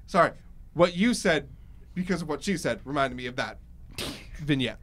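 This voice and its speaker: A man hosting a casual podcast chat, an excitable storyteller who laughs often. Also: a little high, moderate pace, a little hiss or hum. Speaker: host.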